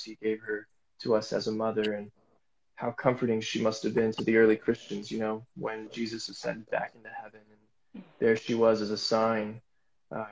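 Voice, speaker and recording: A man's voice: on the low side, dull audio. A man speaking as a guest, telling a casual faith testimony in a rambling way with many fillers and restarts.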